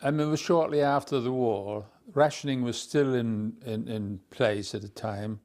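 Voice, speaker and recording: An older man with an Irish accent, a former footballer fondly telling stories in an interview. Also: mid-range voice. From Ireland. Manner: fond, unhurried storytelling with soft laughs. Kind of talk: reminiscing interview.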